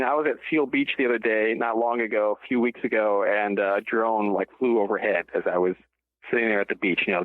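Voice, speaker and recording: A man's voice: medium pitch, dry recording. A man talks over a tinny phone line, his voice thin and dry with no room sound around it. He is a guest author telling a long story in a rambling way. He keeps stopping to correct himself before going on. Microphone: telephone.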